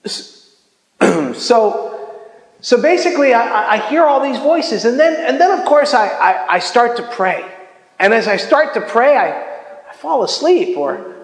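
A man giving a casual, animated sermon, often restarting his sentences with stammered repeats. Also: very high-pitched, measured pace, pauses often. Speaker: preacher. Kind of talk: informal sermon. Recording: echoey hall with long reverb.

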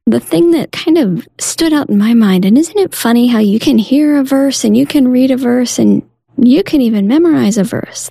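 Woman on a faith podcast, husky gravelly voice, thoughtful, sometimes whispery. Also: on the high side, expressive, normal speed, warm tone, no echo, clean studio sound. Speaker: podcast co-host. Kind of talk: reflective talk on a faith podcast.

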